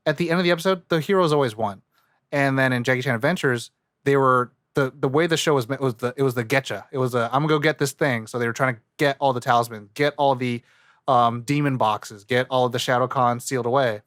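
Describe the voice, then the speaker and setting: A man's voice: medium pitch, quick pace, fairly bright tone, dry recording, studio quality. Rambling male podcast co-host. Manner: rambling, full of fillers and restarts. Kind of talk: casual chat.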